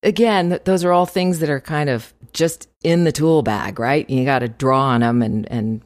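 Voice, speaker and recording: A woman's voice: low-pitched, normal speed, darkish tone, no echo, clean studio sound. A woman voice actress chatting in an interview, talkative and laughing often, with many fillers. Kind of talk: casual interview chat.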